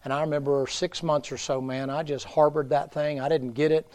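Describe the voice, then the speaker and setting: A middle-aged man preaching a revival sermon, folksy and storytelling, swinging from loud to hushed. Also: on the high side, flat delivery, brisk. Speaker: pastor.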